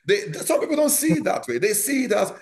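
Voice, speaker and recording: A man with a Nigerian accent, a pastor preaching emphatically at an online Bible study, moving from low asides to loud high exclamations. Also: sing-song, a little fast.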